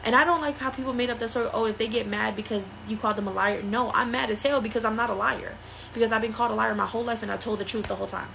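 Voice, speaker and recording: A woman's voice: a little high, fairly even intonation, rapid-fire, vocal fry, a bit bright, a little hiss or hum. A woman giving a blunt, heated monologue to her viewers, speaking her mind. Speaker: vlogger. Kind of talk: opinionated monologue to camera.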